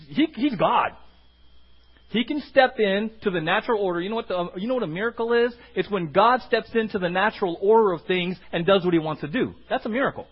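A man with a high-pitched, husky voice preaches a sermon as a pastor, animatedly acting out the voices of the people he quotes. The recording's high frequencies are cut off.

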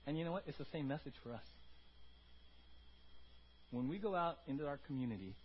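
A pastor giving a conversational sermon, often tagging points with "right?" and moving between loud emphasis and quiet asides. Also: male voice, fairly high pitch, animated, brisk, muffled recording, a little hiss or hum.

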